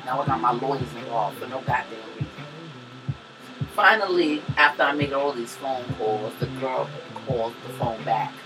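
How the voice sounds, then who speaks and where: Animated, profane woman telling a story. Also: a bass voice, distant mic, rough recording. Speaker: podcast co-host. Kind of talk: casual storytelling chat.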